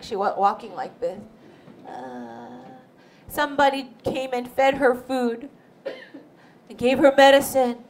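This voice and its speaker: A woman narrates a Bible story for children in a bright, high voice that swoops widely. She speaks slowly and expressively, stopping often to ask her listeners questions.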